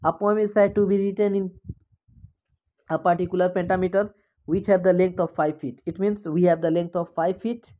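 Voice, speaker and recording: A woman with an Indian English accent teaching an exam-prep English lesson, reading out multiple-choice options in a measured list and then explaining the answer. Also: lowish voice, fairly even intonation, warm tone, low-quality recording. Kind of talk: exam question walkthrough lesson.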